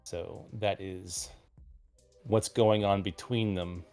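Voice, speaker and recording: Slow-talking man running a tabletop game. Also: deep voice, fairly even intonation, darkish tone, faint music behind. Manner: unhurried, with many ums. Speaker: game master.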